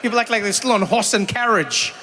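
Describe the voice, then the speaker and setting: A South African man performs stand-up as comedian and host, telling a story, chatting with the crowd, and animatedly acting out other people's voices. His voice is high-pitched and fairly quick. The live venue recording has long reverb and faint noise.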